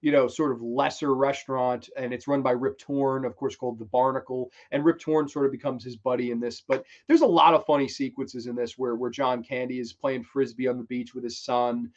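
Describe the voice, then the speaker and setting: A man hosting a movie review show, talking casually and enthusiastically in a rambling, profane style. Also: medium pitch. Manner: enthusiastic, rambling, swears freely. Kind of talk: casual film countdown talk. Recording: dull lo-fi recording.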